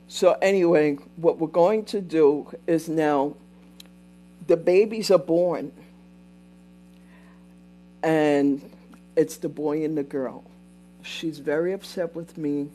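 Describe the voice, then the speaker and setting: Low and warm, a woman's voice recounts visions as she hosts a live stream. Her storytelling drifts as she pauses to welcome viewers, then she picks up where she left off.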